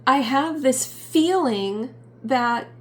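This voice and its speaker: A middle-aged woman giving a personal vlog update, talking in a halting, reflective way with many pauses and fillers. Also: sits high, lively intonation. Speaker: YouTube channel host.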